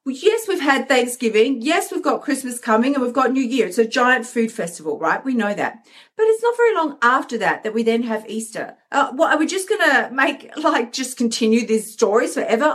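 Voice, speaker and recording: A woman's voice: a little high, very animated, fairly quick. A woman hosting a motivational live stream, talking energetically and acting out inner voices with emphasis. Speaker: host, coach.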